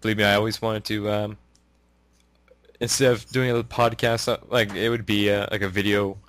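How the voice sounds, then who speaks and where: A man's voice: fairly low pitch, little pitch movement, normal speed, fairly bright tone. A man from Canada hosting a casual podcast, rambling with many fillers and frequent laughs. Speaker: podcast host.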